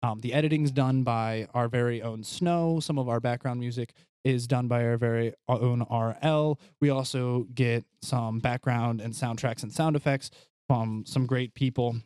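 A man hosting a tabletop game podcast, narrating the scene for his players in an easygoing way with frequent filler pauses. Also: medium pitch, fairly even intonation, a little mellow, smooth, dry recording, studio quality. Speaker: game master and podcast host.

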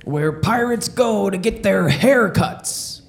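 A man playing a pirate comedian who tells family-friendly jokes and repeats each question before a slow punchline. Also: sits high, expressive, creaky, exaggerated voice. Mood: cheerful. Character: jolly joke-telling male pirate comedian.

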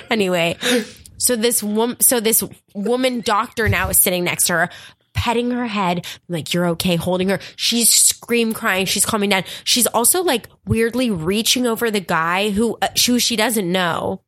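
A woman guest on a comedy podcast, telling a story in a casual, animated way, acting out quotes and laughing often. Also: mid-range voice, normal speed, slight background noise.

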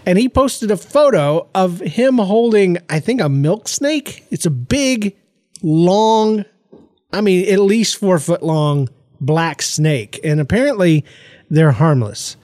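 A congested middle-aged man hosting his podcast, telling family stories in an animated, jokey way, often voicing the people in them. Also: sits high, measured pace, dry recording, clean studio sound. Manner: animated, jokey storytelling with laughs and voiced quotes. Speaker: podcast host. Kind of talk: casual solo podcast storytelling. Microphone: close podcast microphone.

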